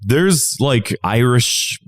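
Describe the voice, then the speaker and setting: A man's voice: medium pitch, expressive, extremely slow. Ranting, profane male podcast co-host. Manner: rambling, profane, exasperated ranting. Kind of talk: casual podcast chat.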